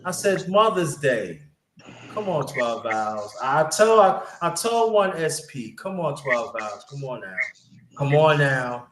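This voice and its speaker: A man's voice: mid-range voice, very animated, slow pace, fairly bright tone. Rambling man on an echoey livestream. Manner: rambling, many fillers and restarts. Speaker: livestream host. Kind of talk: casual livestream chat. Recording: echoey room with background noise.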